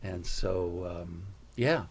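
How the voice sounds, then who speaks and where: Older American man telling lively stories. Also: deep voice, drawn-out words, husky. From United States. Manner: animated storyteller who slips into impressions. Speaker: guest comedian. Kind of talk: casual interview storytelling.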